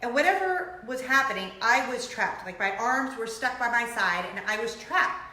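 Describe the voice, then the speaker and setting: Middle-aged woman host, bright and animated, giggly chat, echoey room. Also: fairly high pitch, moderate pace. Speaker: host of a weekly chat show. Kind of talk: casual chat to camera.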